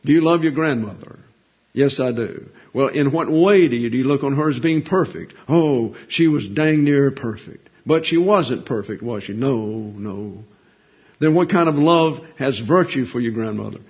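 A man's voice: mid-range voice, husky. A man preaching a sermon in a folksy, conversational way, asking rhetorical questions and answering them. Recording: dull lo-fi recording.

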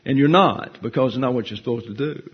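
A man's voice: medium pitch, fast talker, husky, highs cut off. A man preaching a folksy, humorous sermon as a pastor teacher, with joking asides. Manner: humorous, conversational, self-deprecating asides.

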